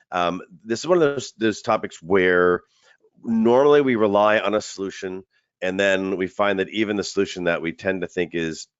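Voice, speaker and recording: A man hosts a training webinar in a casual, chatty way, rambling and often restarting his sentences. His voice is low-pitched with no room sound, carried over dull lo-fi web call audio.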